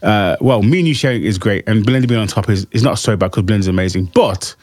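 A man from Jamaica chats quickly and playfully as a guest on a radio show. His voice sits fairly low and he gushes about the people he loves. The studio sound is close and dry. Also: a little mellow, no echo. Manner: playful, effusive, jokey. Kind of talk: casual radio chat.

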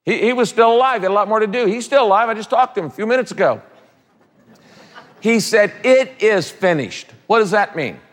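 A man preaching a sermon as a pastor, emphatic, repeating key phrases and dropping quick casual asides. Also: high voice, lively intonation, a bit bright. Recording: long hall reverb.

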